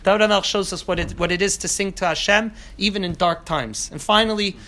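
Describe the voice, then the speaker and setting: A man teaching a class on scripture, talking in an animated way with many restarts and asides. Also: sits high, fast.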